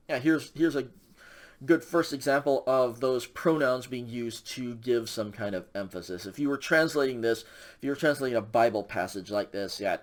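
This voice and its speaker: A man teaching a recorded language lecture, walking through grammar patiently with frequent ums and okays. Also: mid-range voice. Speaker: Greek instructor.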